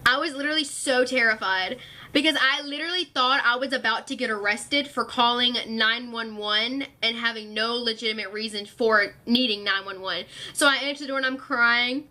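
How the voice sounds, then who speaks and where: A young woman telling a storytime vlog, animated and full of fillers, acting out what others said. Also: fairly high pitch, normal speed. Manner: animated, filler-heavy retelling, acting out quotes. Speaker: vlogger.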